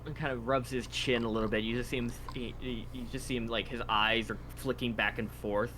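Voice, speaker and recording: A man narrating a tabletop game as game master, halting with frequent fillers. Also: medium pitch, fairly even intonation, bright, forceful tone, a little hiss or hum.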